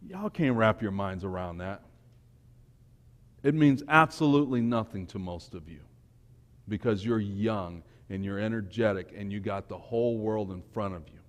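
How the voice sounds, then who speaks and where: Man, 40s, low voice, casual emotional youth sermon, hall reverb. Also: moderate pace. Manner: casual, emotional, swings from quiet to loud. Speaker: speaker at a church youth talk. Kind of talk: informal sermon to young people. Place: church hall. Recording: long church hall reverb.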